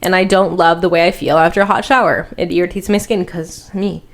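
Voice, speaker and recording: A woman's voice: on the low side, fairly even intonation, brisk. A young woman co-hosting a podcast, telling rambling, crude stories in casual chat. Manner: rambling, crude, chatty storytelling. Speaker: podcast co-host.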